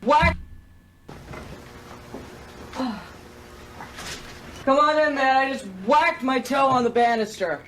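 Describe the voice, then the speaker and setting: A woman's voice: sits high, takes it slowly, long pauses, a bit bright, slight background noise, low-quality recording. A flustered teen boy. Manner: flustered, sighing, making excuses. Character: young teen boy greeting a visitor at home.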